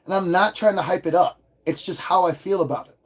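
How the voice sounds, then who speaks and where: A man hosting a casual livestream toy review, hyper and excitable, swearing freely as he talks. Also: high-pitched, fairly quick, husky.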